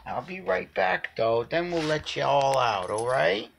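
A man's voice: a little high, animated, unhurried, gravelly, a bit bright, slight background noise. A man talking fondly to his cat at home, cooing baby talk as he films. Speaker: cat owner filming his pet. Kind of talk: casual home video. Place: home, indoors by a door.

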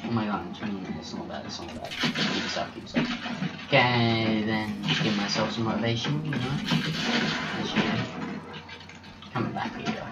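A man giving live gameplay commentary, excitable and chatty as he reacts aloud to each kill. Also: lowish voice, normal speed, long pauses. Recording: roomy with loud game music.

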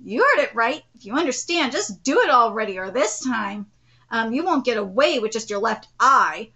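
A woman voicing a calm, confident young male ninja hero, reading manga dialogue aloud in a cool, steady way. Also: fairly high pitch, moderate pace, pitched below the performer's own voice, full character voice. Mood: cool threat.

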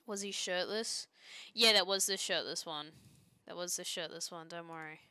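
A young woman streams and chats casually while she draws pixel art, joking and rambling with trailing restarts. Her voice is bright and crisp. She is recorded close on a dry mic. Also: fairly low pitch, normal speed, no echo.

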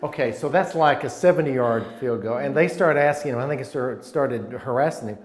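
A man in his sixties, a former college football player, reminiscing in a casual interview as a rambling, animated storyteller who often restarts his sentences. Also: medium pitch, fairly quick. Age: 60s. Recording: roomy echo.

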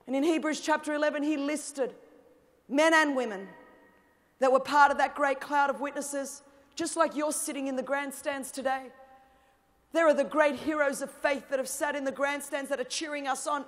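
Australian woman preacher, high voice, animated storyteller who builds to shouting. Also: moderate pace. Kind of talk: sermon.

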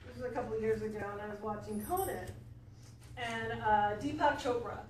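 A woman's voice: on the high side, brisk. A woman life coach giving a casual, earnest motivational talk to a small audience, with frequent fillers and asides. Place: library event room. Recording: echoey room recorded from far off, faint background hum.

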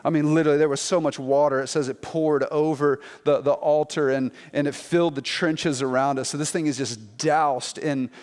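Pastor guy preaching casual, tells the story all animated, long echo in a big church. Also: fairly high pitch, moderate pace, few pauses. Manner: animated storytelling, acts out quotes in playful voices. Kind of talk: sermon.

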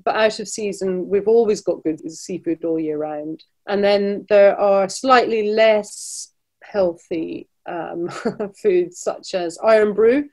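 A woman's voice: medium pitch, slow pace, a little mellow. Scottish woman, guest on a travel podcast, conversational with lots of restarts. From Scotland. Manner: chatty, restarts often, laughs between points. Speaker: travel business director, guest. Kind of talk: casual interview chat.

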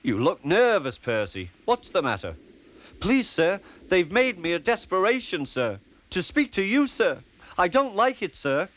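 A man's voice: medium pitch, wildly swooping pitch, normal speed, hardly any pauses. A man voicing a timid little male tank engine who stammers and keeps saying sir. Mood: nervous.

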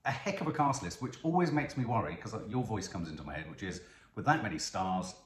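A man's voice: on the low side, expressive, quick pace, slight background noise. A man hosting a casual film reaction chat, chatty, enthusiastic and jokey. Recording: echoey room.

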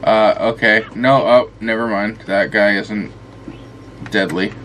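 A man's voice: fairly low pitch, steady tone, takes it slowly, fairly bright tone, a little hiss or hum. A man giving casual let's-play commentary, rambling and swearing often as he talks to the game, tired and yawning. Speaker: gameplay commentator.

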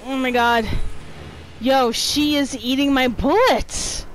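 A woman narrating a horror game as she plays, swearing a lot and moving from flat muttering to panicked yelps. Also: sits high, takes it slowly, a little hiss or hum. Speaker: gamer. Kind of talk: let's play commentary.

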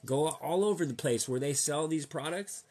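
A young man with a husky, slightly breathy voice rants to his viewers in a loose, slangy way. He keeps firing rhetorical questions at them and repeats himself for emphasis. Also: on the high side, normal speed, a little mellow. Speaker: vlogger. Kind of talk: casual rant to viewers.

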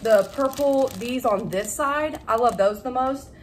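A young woman chatting casually to camera about her shopping haul, excitable and laughing at her own slips. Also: fairly high pitch, a little slow, slight background noise. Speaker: vlogger showing a shopping haul. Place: at home.

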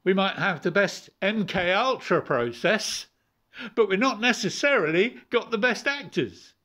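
Rambling man preaching, high voice. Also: expressive, a little slow, pushed and bright. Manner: rambling, repeats words, chuckles often. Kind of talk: informal sermon.

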